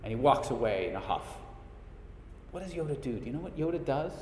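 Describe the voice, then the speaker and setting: A man's voice: medium pitch, sing-song, a little fast, a little mellow, a little hiss or hum. A middle-aged man hosting a spiritual talk, telling stories casually with many restarts and fillers. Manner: chatty storyteller, frequent restarts and fillers. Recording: echoey hall reverb.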